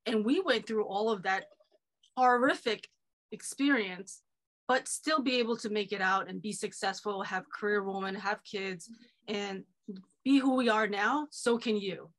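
A woman's voice: mid-range voice, unhurried, a bit bright. A woman hosting a podcast, speaking casually and encouragingly about sharing stories. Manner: encouraging, frequent affirmations. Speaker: podcast host. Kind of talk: casual chat.

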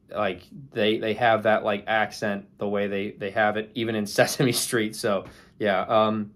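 A young man talking casually about old monster movies, rambling with many ums and likes. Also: lowish voice. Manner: rambling, many fillers and restarts. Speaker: movie reviewer. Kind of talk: casual movie ranking talk.

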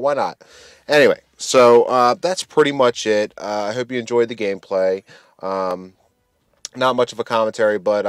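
A man casually talking to his channel's viewers as a gaming commentator, rambling in a relaxed way with lots of fillers. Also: fairly low pitch, no echo, studio quality.

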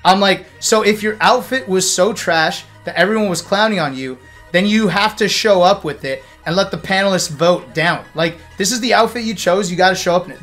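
A young man, a streamer, telling a story in a casual recap, animated and swearing freely. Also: sits high. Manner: animated, profane, fired-up storytelling.

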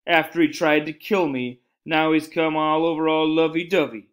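A man's voice: fairly low pitch, very animated, unhurried, voice pushed down. Man doing a sarcastic little cowboy drawl. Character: small sarcastic toy cowboy.

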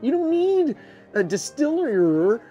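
A man's voice: very high voice, sing-song, slow pace, warm tone, faint music behind, heavily acted. A man playing a bumbling, jealous old-fashioned husband, stammering and flustered in an improvised comedy sketch. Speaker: earnest husband.

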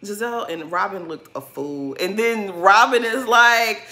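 A woman's voice: mid-range voice, lively intonation, a little slow, few pauses, bright, forceful tone. Sassy, blunt woman recapping a show. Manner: colloquial slang-heavy talk. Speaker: reality TV recap vlogger. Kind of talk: casual episode recap commentary.

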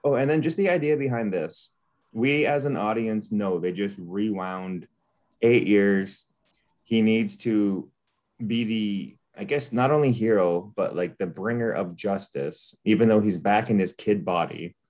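A man's voice: fairly low pitch, measured pace, a little mellow. A man hosting a casual manga review chat, ranting with lots of profanity and laughter. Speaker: manga podcast host.

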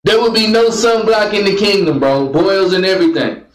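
With lively intonation and a high pitch at normal speed, a man leads a Bible lesson for a class gathered in an echoey meeting room. He calls out verses for a reader to follow and jokes with those present.

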